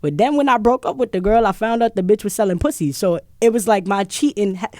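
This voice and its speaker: A woman's voice: mid-range voice, quick pace, darkish tone, no room sound, clean studio sound. A woman hosting a casual podcast, talking loosely with profanity and laughs. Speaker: podcast host. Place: studio round table.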